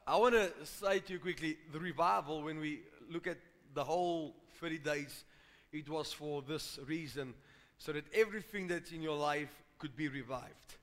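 A man's voice: fairly high pitch, normal speed, fairly bright tone. A man preaching a sermon in a church, emphatic and repetitive, calling out to the congregation. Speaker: pastor. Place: church hall. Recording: reverberant church hall.

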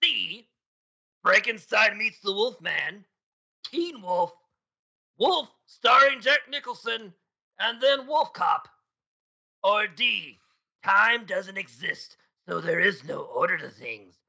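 A man doing a gravelly skeleton quiz host. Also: high voice, expressive, slow pace, pauses often, bright, forceful tone, lo-fi sound, heavily acted. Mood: playful. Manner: jokey, rambling absurd asides. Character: male skeleton trivia host, goofy and playful.

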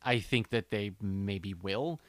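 A man's voice: fairly low pitch, slow pace, a bit bright, dry recording. An easygoing man in a casual chat who laughs along.

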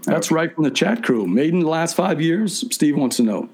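A man hosting a live-streamed game show over a video call, reading out viewer questions in a brisk, playful way. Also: on the high side, expressive, darkish tone, slight background noise. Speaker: show host.

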